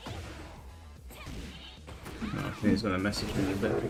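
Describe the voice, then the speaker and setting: A man's voice: on the low side, little pitch movement, normal speed, vocal fry, long pauses, music in the background. A young man, chatting casually and ranting with plenty of swearing on his live stream, exasperated.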